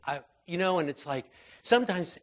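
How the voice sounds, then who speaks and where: A high-pitched man with lively intonation preaches conversationally at a moderate pace. His informal sermon is filled with fillers and restarts, and it alternates between intense moments and quiet, soft ones.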